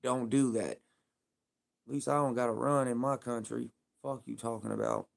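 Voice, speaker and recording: A man's voice: mid-range voice, animated, moderate pace, gravelly. A man live streaming, talking in a casual, heated and profane rambling rant.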